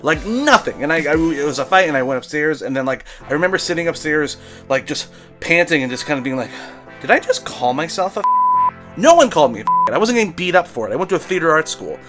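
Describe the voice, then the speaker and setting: A man's voice: on the high side, very animated, quick pace, over music. A young adult man from Brooklyn, telling a rambling, profane comedy story in a casual monologue. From Brooklyn, New York.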